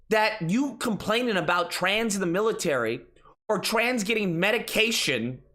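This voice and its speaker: A man's voice: sits high, sharp tone. A man hosting a political commentary stream, ranting in an exasperated, mocking, profane way.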